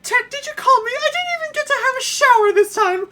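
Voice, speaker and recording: A prim, easily irritated princess for a game playthrough, pitched far up into a shrill, theatrical falsetto. Her lines come out indignant and exaggerated, with faint background hiss. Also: lively intonation, fairly quick, bright, forceful tone, full character voice. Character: prim fussy adult princess, easily annoyed. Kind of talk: let's play voice acting.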